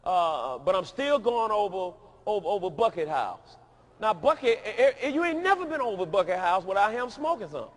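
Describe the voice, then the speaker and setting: A man preaching a sermon in a large dome, emphatic and repetitive, rising to shouts. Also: high-pitched, very animated, a little fast. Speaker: pastor.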